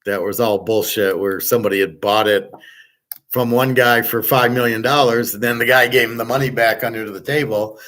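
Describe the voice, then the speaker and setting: A man teaching a relaxed online class, blunt and profane, rambling with restarts and answering viewers' chat. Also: medium pitch, moderate pace. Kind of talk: casual livestream lecture.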